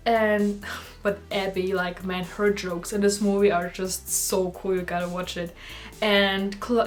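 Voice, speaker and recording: A young woman casually reviewing and ranking movies in a vlog, gushing and full of filler words. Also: mid-range voice. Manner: gushing, animated, lots of "like" fillers.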